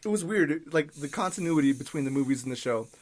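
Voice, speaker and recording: A young man co-hosting a casual podcast chat, talking in a relaxed, hesitant way with pauses and light laughter. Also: on the high side. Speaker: podcast co-host.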